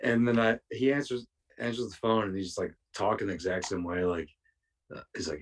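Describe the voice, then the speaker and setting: A man's voice: on the low side, fairly even intonation, brisk, recorded from a distance. A man, a podcast guest, telling rambling, profane anecdotes casually, with lots of restarts. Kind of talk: casual storytelling.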